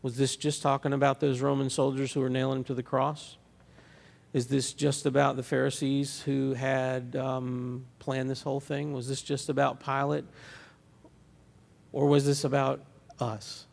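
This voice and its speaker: A man's voice: mid-range voice, little pitch movement, moderate pace, gravelly, a little mellow, in a large hall. A man preaching a sermon as pastor, in a conversational style with frequent restarts and fillers. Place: church sanctuary.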